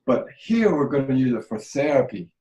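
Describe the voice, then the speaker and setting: A man's voice: medium pitch, big pitch swings, normal speed, mellow, roomy sound, poor audio. A man teaching a healing practice in conversation, earnest and repetitive, often checking that he is understood.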